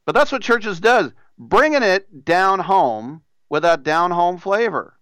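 A loud, folksy Southern pitchman, put on by a man for a radio ad, rattles off hammy, drawling sales patter. The voice jumps high and excitable. It stays smooth and close, with a dry sound. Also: slow, dry recording, full character voice. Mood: hyped. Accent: put-on American Southern. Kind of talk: live-read radio ad.

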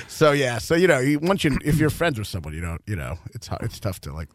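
Lively rambling young comedian man. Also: medium pitch, no echo, clean studio sound. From Louisville, Kentucky. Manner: rambling storytelling with fillers and laughs. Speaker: comedian guest. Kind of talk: casual radio interview chat.

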